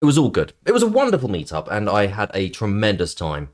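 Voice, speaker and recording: A man's voice: on the low side, huge pitch swings, fast. A man streaming live, chatting casually to viewers in a playful, sarcastic, rambling way with plenty of ums.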